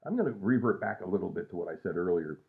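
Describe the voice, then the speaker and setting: A man's voice: sits low, expressive, rapid-fire. A man in his sixties rambling casually and self-mockingly at home at night, trailing off with lots of fillers. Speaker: vlogger. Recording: tinny phone-like sound.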